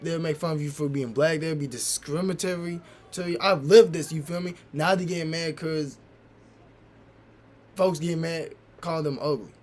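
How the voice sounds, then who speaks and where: A man's voice: on the high side, fairly even intonation, moderate pace, darkish tone. A man hosting a reaction video, commenting in an emphatic, slangy, profane way. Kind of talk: casual commentary.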